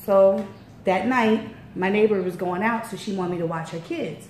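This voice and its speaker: A woman with a Baltimore accent telling a story in casual chat as a radio interviewer, acting out quotes with big jumps in pitch. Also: moderate pace, a little mellow. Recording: echoey room, faint noise.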